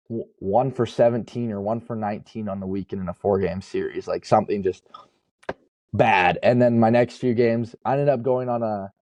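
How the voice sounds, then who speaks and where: A man's voice: medium pitch, dark tone, no echo, highs cut off. A young man, a college baseball player, talking casually and earnestly as a podcast guest, rambling and correcting himself. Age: young adult. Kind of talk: casual interview talk.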